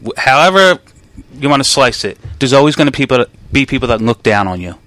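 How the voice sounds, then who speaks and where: A man's voice: mid-range voice, big pitch swings, fairly quick, a bit bright. A man in a casual talk-show chat who adds crude wisecracks.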